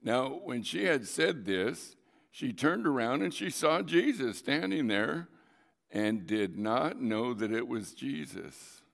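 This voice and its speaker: A man's voice: mid-range voice, expressive, slow, gravelly, fairly bright tone, big-room sound. A man preaching a sermon, reading scripture aloud and explaining it in a conversational way, with dramatic readings of the quoted lines.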